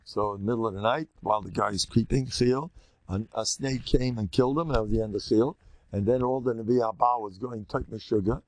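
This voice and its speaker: Speaking briskly in a lowish male voice, an older rabbi gives a Torah lecture. He tells it in a lively, joking story style, repeating himself often.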